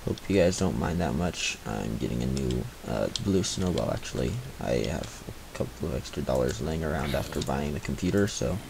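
A man's voice: very deep voice, expressive, normal speed, creaky, few pauses, noisy background. A man giving live gameplay commentary on a cheap microphone, mumbling and grumbling to himself with frustrated asides. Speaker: gaming commentator. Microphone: cheap replacement microphone.

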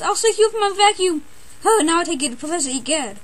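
A woman voicing every character in a homemade animation, excitable and switching between put-on voices with sudden cries and shouts. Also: extremely high pitch, fast, a little hiss or hum. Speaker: amateur voice performer.

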